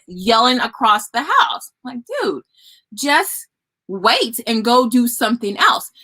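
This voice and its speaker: A woman's voice: a little high, bright, forceful tone. A woman hosting a casual live stream, giving homeschooling advice and talking to viewers as y'all. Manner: chatty, addresses viewers as y'all.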